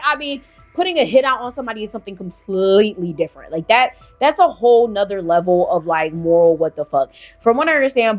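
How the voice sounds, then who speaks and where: A young woman hosting a casual storytime vlog, telling it in an animated, chatty way and swearing freely. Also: medium pitch. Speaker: storyteller host.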